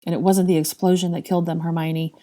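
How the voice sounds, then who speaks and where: A woman's voice: lowish voice, little pitch movement, fast, warm tone, lightly acted. A woman reading the lines of a somber, blunt young wizard in a fan fiction reading.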